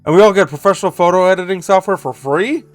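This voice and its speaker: A man voicing an excited teenage girl from a dating game, gushing about college. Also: high-pitched, fast talker, faint music behind, voice pushed up, close to an everyday voice. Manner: eager, gushing.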